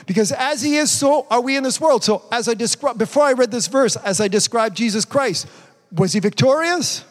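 A man's voice: very high voice, moderate pace. An older man preaching a fervent sermon as pastor, constantly punctuating his points with "amen" and "praise God.". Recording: long reverb in a large hall.

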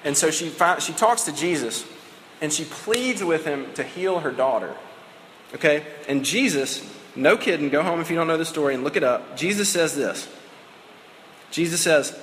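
Male pastor, fairly high voice, conversational sermon, echoey hall with a long reverb. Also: animated, moderate pace, fairly bright tone, a little hiss or hum. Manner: conversational preaching, acts out dialogue.

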